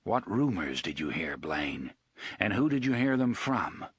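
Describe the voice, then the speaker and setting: A cold, laconic gunslinger in an audiobook, low and steady, never raising his voice. His tone is husky and lively underneath the calm, as a man reads him. The sound is close and dry. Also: no echo, heavily acted. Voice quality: low and level, unhurried.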